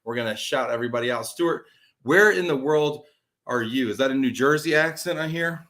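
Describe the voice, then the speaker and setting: Jokey, energetic male webcast host. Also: mid-range voice, fairly quick. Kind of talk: live webcast interview.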